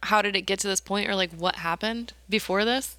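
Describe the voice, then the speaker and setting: Young person, bright voice, super dry close sound, goes "ew" a lot then thinks it over. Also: mid-range voice, a little fast, no room sound. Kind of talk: casual chat.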